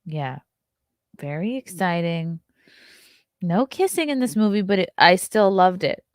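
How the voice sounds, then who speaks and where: Low-voiced joking woman reviewing a movie. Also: a little slow, no room sound, studio quality. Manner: animated, jokey, acts out voices of characters. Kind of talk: casual comedic movie review.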